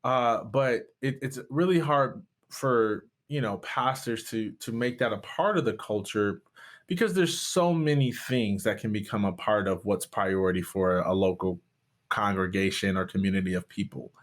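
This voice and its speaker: Speaking at a moderate pace in a fairly low voice, this Michigan pastor and guest speaker recounts something personal during an interview. He grows impassioned as he goes, his voice climbing sharply at the high points.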